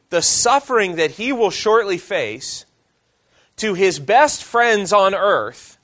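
A male pastor preaching a sermon, reading scripture aloud and asking the congregation questions, slowing down for emphasis. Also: a little high, a bit bright.

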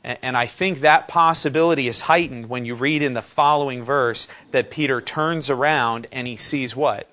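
A man's voice: mid-range voice, normal speed, few pauses, pushed and bright. Man preaching a conversational sermon. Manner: asks the congregation questions; conversational preaching with paraphrased asides. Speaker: pastor.

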